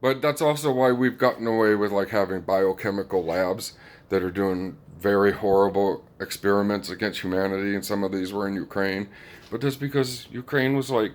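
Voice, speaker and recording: A man delivering a rambling casual monologue, chuckling often and filling pauses with "like" and "um". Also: fairly low pitch. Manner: rambling, chuckling, many fillers. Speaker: commentator.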